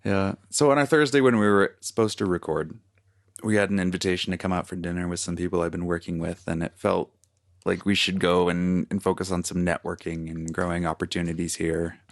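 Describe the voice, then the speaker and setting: A man with a very low, gravelly voice co-hosts a relaxed podcast. He talks in a laid-back, joking way and drifts into little tangents. The sound is dry and close, with no room around it. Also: brisk, no echo. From United States. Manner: laid-back, jokey, goes off on small tangents. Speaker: podcast co-host. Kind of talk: casual chat. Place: lives in Calgary, Canada.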